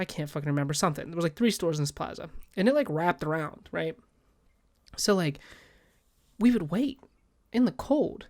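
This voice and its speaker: A man co-hosting a casual podcast, telling a story in a profane, animated way. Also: fairly high pitch, no echo, studio quality. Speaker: podcast co-host.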